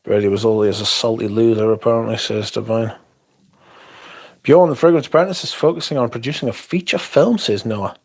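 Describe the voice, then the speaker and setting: A man's voice: medium pitch, fairly quick, darkish tone. Guy rambling on his livestream, swears a lot, reads out chat. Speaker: livestream host. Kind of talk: casual livestream chat reading comments.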